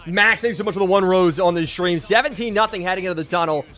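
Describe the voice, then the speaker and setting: A hoarse man in his twenties from Pennsylvania, giving hyped live game-stream commentary and chatting with viewers. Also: high voice, quick pace, pushed and bright. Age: 20s.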